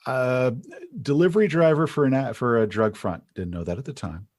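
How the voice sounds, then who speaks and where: A man's voice: medium pitch, brisk, darkish tone. A man talking as a podcast guest in casual conversation, rambling and chatty, restarting his sentences as he tells stories.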